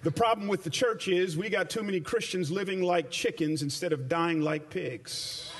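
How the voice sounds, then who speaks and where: A man preaching a sermon, emphatic, slowing down for stressed phrases and then racing ahead, with casual, colloquial asides. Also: sits high. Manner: emphatic, shifts between slow stressed phrases and rapid runs.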